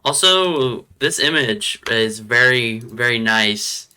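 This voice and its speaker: A man's voice: mid-range voice, animated, slow pace, sharp tone, clear, resonant tone. A man hosting a podcast, briefly steering the guest to new topics. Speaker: podcast host.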